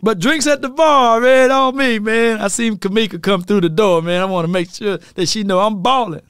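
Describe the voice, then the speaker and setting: A man's voice: high-pitched, moderate pace, a bit bright, clean tone, no echo, studio quality, voice pushed up. A man putting on the voice of a cocky, boastful football coach who shows off. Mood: bragging.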